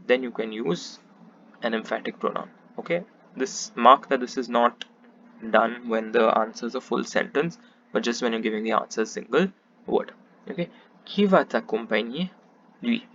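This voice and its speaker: In this explanatory grammar lesson, a man with a fairly bright mid-range voice teaches French patiently and methodically, repeating every example first in French, then in English. The recording is a bit muffled and carries a faint hiss.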